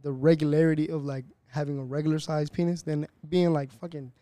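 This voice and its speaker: A young man co-hosting a podcast, telling stories in excited, slangy bursts. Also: fairly high pitch, brisk, no echo. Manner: excitable, animated storytelling with slangy exclamations. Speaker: podcast co-host. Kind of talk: casual podcast banter.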